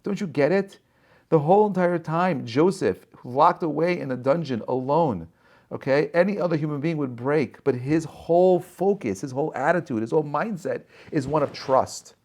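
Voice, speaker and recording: A man's voice: on the high side, normal speed. Emphatic man asking rhetorical questions. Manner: animated storytelling with many rhetorical questions; peppers speech with "right?" and "okay?". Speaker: rabbi. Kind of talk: short inspirational Torah talk. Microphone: video call.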